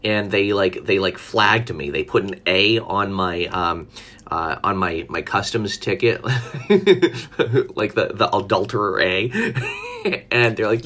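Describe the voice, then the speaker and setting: A man's voice: fairly low pitch, unhurried, sharp tone, slight background noise. A man telling a story in a casual live stream, chatty, with frequent laughter, fillers and restarts. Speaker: vlogger.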